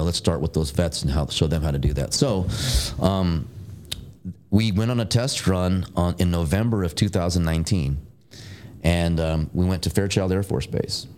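A man's voice: sits low, a little mellow. A middle-aged man, a military veteran and guest, telling stories in a casual, rambling way with many fillers, curse words and laughs. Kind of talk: casual storytelling in a conversation.

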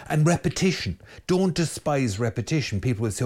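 An Irish man, a Catholic priest, giving a spoken sermon on prayer in an urgent, exhorting way, talking straight to his listeners with quick commands. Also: mid-range voice, sing-song, a little mellow. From Ireland. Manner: urgent, exhorting, direct address with rapid commands.

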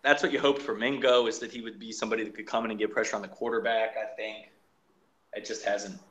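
A man co-hosting a casual sports podcast, giving dry, low-key opinions. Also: level tone, fast talker, a bit bright. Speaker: podcast co-host.

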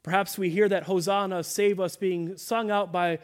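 A male pastor with a steady tone and a voice a little higher than most men's delivers an earnest sermon in a church sanctuary. He drops to a soft, slow hush each time he quotes someone.

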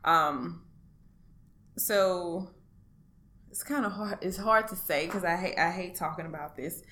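A woman speaking in an interview, giving a personal account in a halting, hesitant way with many pauses and restarts. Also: lowish voice, bright, forceful tone. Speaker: interview guest.

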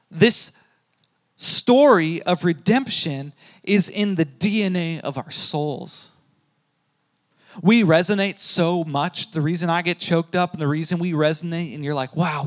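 A male pastor preaching a sermon, emphatic, repeating key phrases and swinging between loud and soft. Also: a little high. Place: church hall with a congregation.

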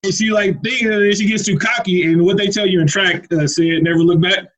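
A man's voice: sits high, brisk, fairly bright tone, poor audio. A man co-hosting a podcast, recapping a movie in loose, laughing casual chat full of fillers and slang. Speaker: podcast co-host.

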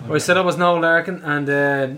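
Guy hosting a footy podcast, slightly higher voice, breezy stat-reading. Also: steady tone, normal speed, pushed and bright, clean tone. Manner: breezy, reads stats off a list. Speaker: podcast host. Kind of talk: casual podcast chat and stats reading.

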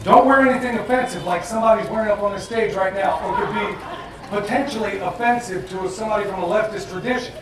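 A man with a high voice speaks to a crowd at an event, loose, jokey and plain-spoken. He sounds distant from the microphone, and the room is very echoey. Steady noise sits behind him throughout. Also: quick pace. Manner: joking, conversational, plain-spoken. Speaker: festival presenter. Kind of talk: live talk to an audience. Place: event venue with audience. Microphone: far from the mic.

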